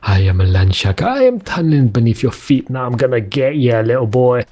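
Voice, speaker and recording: A man voicing a rude, menacing male land shark with a Cockney accent, gruff and taunting in a gameplay video. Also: medium pitch, lively intonation, brisk, warm tone, lightly acted.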